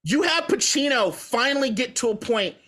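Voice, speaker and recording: A man's voice: very high-pitched, lively intonation, moderate pace, bright, forceful tone. A man co-hosting a podcast, rambling through profane, opinionated movie talk in a casual debate. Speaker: podcast co-host.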